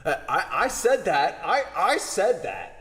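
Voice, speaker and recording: A man voicing a teenage class clown who talks loudly and stammers to claim a joke. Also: high-pitched, very animated, unhurried, slight background noise, pitched above the performer's own voice, exaggerated voice. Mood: defensive. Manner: loud, stammering. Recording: roomy reverb, guitar music.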